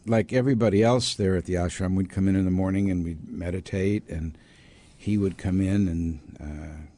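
The voice is low and the speed normal: an older male doctor and author telling stories in an interview. Lively in his delivery, he plays out the voices he quotes and repeatedly restarts what he's saying.

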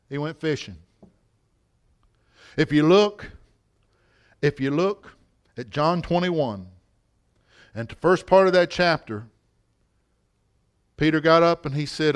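A man's voice: on the high side, a little slow, long pauses, clear, resonant tone. A male pastor preaching a sermon at a church service, telling a story with passion, emphasis and repetition.

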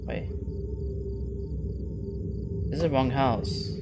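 A man chats loosely to himself while playing a horror game, his talk slow and drawn out. He rambles and gets excited easily, and game music plays clearly under his voice. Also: mid-range voice. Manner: rambling, excitable, breaks into laughter. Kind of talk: casual let's-play commentary.

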